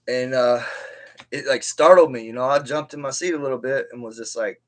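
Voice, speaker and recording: On a live stream, a man tells a casual, rambling story from his own life, with many restarts and side remarks. His voice is mid-range and brisk.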